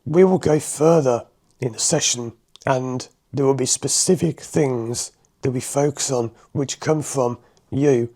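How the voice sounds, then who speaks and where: Speaking to camera from a room in his home, a man who works as a hypnotherapist and driving instructor chats loosely about his therapy sessions, laughing every so often. His warm, mellow voice sits at a typical male pitch and moves at a measured pace.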